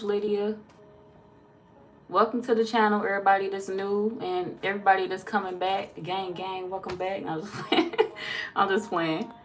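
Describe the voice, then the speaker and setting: A woman's voice: medium pitch, a bit bright, a little hiss or hum. Chatty woman tarot reader on a live stream. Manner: chatty, swears freely, greets viewers by name. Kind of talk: casual live-stream chat.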